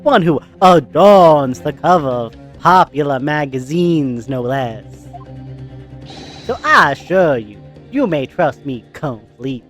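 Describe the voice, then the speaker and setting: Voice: medium pitch, expressive, takes it slowly, soft background music. A player putting on a pompous, boastful detective. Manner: grand, theatrical delivery. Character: pompous male great detective, grandiose showman.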